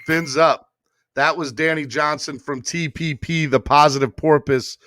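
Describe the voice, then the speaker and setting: Excitable man hosting a live sports podcast. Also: on the high side, unhurried, no room sound. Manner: excitable, emotional, lots of fillers and restarts. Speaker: podcast host. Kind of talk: casual live-stream chat.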